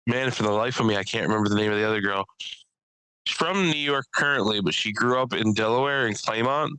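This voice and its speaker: Speaking briskly in a lowish voice, a young podcast host and stand-up comic shares rambling comedy stories, cursing freely and loudly impersonating people. The recording is rough, with a little hiss or hum, and the conversation is casual.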